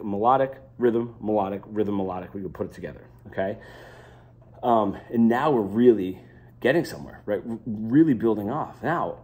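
A man's voice: fairly low pitch, a little mellow, breathy edge. A young adult man giving an unscripted guitar lesson, talking loosely with many fillers and restarts. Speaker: guitar teacher.

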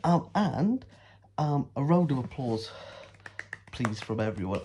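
A man's voice: mid-range voice, slow pace, mellow, slight background noise. A man giving a comic, rambling book recap as a vlogger. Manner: rambling, playful, silly asides.

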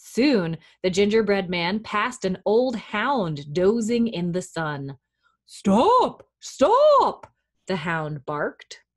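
A woman children's librarian reading a picture book aloud at storytime, gentle and encouraging toward young children. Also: on the low side, slow, few pauses.

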